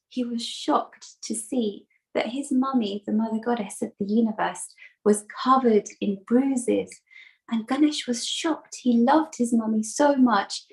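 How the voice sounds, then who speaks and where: Female storyteller, higher pitch, animated delivery for a spiritual talk. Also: creaky, low-quality recording. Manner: animated, warm storytelling with laughs. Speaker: storyteller and presenter.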